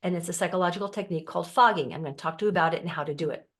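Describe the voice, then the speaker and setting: A middle-aged woman coaching her viewers in a calm, explanatory way, acting out the voices of the family members she quotes. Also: on the low side, rapid-fire. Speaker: life coach. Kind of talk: teaching to camera.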